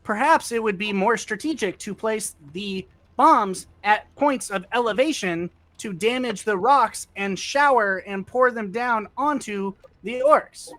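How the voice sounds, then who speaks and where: A man's voice: high-pitched, a little slow, hardly any pauses, bright, forceful tone, no echo. A man voicing a formal warforged construct soldier who speaks in stiff, precise phrases.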